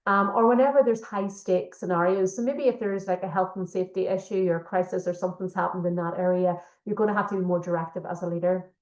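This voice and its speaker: Woman running a leadership workshop, kinda low voice, explains things step by step, roomy echo. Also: fast talker, few pauses. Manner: explanatory, steady, uses fillers. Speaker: workshop facilitator. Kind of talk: leadership training session. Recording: echoey room.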